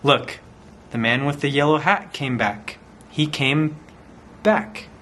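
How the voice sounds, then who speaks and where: A man's voice: on the high side, slow, fairly bright tone. A man teaching a language by reading a picture story aloud, repeating simple phrases and acting out sounds. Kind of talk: slow storytelling for language learners.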